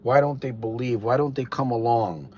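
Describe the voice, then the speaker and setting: A man's voice: medium pitch, moderate pace, darkish tone. A man with a Connecticut accent hosting a live podcast stream, talking casually in a blunt, rambling way with frequent restarts. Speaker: podcast host. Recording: dull lo-fi sound with faint noise.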